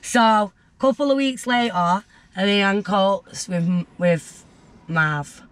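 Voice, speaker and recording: A woman's voice: medium pitch, slow pace. A young woman, a guest telling her story bluntly and vividly, acting out what others said. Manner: blunt, vivid storytelling that acts out voices, with swearing. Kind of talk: candid storytelling interview.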